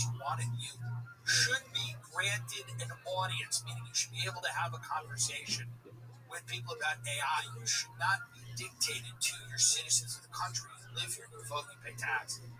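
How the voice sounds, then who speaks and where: A man's voice: high-pitched, far from the mic, poor audio. A man hosting a comedy podcast, riffing sarcastically and with hesitant fillers. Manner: sarcastic, riffing with exaggerated put-on quotes. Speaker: podcast host. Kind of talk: comedic rant and show intro. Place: borrowed studio.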